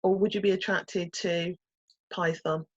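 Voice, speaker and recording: A woman's voice: lowish voice, steady tone, a little slow, no echo, dull audio. A woman with a Birmingham accent teaching an introductory coding workshop over a video call, explaining terms with many "um"s and "okay?" checks. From Birmingham, England. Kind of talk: online teaching presentation.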